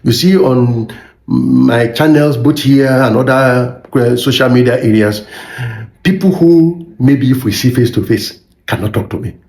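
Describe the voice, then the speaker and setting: A man's voice: medium pitch, measured pace, creaky, darkish tone. A middle-aged Nigerian man with a Nigerian accent, a minister giving an earnest, preacherly motivational talk that repeats phrases for emphasis. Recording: echoey room.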